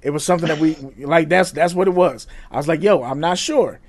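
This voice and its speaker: A middle-aged man co-hosting a casual chat, telling stories in a profane, animated way with frequent laughs. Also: a little high, a little fast. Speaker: podcast co-host.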